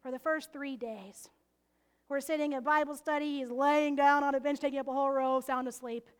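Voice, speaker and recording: A woman preaching a sermon, expressive and often laughing, dropping into hushed whispers to stress a point. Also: high-pitched, a little fast.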